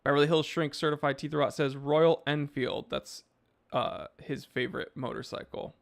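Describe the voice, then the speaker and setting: A man's voice: on the high side, fairly even intonation, normal speed, creaky. A man hosting a live stream, reading chat messages and answering in a laid-back, rambling way with lots of fillers.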